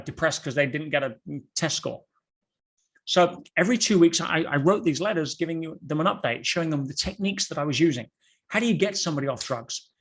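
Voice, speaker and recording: A man talking as a guest on a podcast, telling stories in an animated way with rhetorical questions and quick restarts. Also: fairly high pitch, husky. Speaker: podcast guest, motivational speaker. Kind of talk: podcast conversation.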